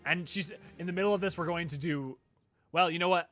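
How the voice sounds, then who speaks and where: A man's voice: fairly high pitch, brisk, fairly bright tone, soft background music. A man streaming a game, chatting casually with viewers in an enthusiastic, rambling way with frequent restarts. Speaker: game streamer and lore creator. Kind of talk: casual gameplay chat with viewers.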